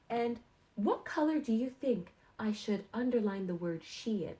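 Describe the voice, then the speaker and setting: A woman teaching sight words to young kindergarten children in a slow, encouraging sing-song way. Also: a little high, expressive, warm tone.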